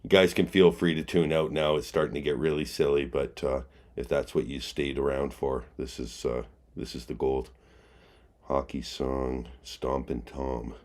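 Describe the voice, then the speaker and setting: A man's voice: a bass voice, little pitch movement, normal speed, a little mellow. A man hosting a late-night chat livestream, goofing around and mumbling asides. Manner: goofy, sings songs loosely and mumbles. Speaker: livestream host. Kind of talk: late-night casual chat stream, singing along.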